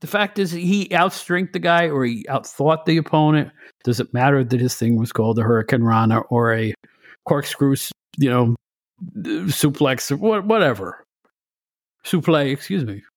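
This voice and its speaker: A man chatting on a podcast as a guest, telling stories in an animated, opinionated way with frequent restarts. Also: medium pitch, moderate pace, no room sound, clean studio sound. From United States. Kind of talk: casual chat.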